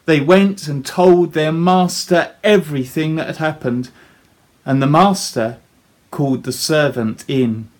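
Man preaching slowly, earnest, lots of questions to the congregation, kinda high voice for a guy. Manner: earnest, rhetorical questions to listeners. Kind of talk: sermon retelling a parable.

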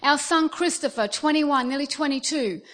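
With a high-pitched voice and moderate pace, a middle-aged woman with an Australian accent preaches. Her storytelling is animated, and she gives voice to the people in her tales.

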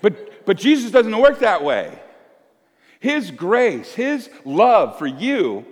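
A pastor in his fifties delivers a sermon in a lively, slow voice pitched a little high that rises and falls. He speaks conversationally, moving from loud emphasis to hushed asides, and the church hall gives a long reverb.

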